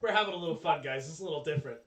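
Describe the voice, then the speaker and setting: A man running a tabletop role-playing game as game master, relaxed and teasing the players between rules calls. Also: a little high, rapid-fire, echoey room, far from the mic.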